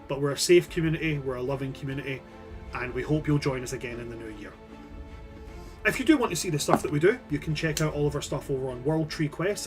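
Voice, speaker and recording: A man narrating as game master in a loose, rambling way, with casual swearing. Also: on the high side.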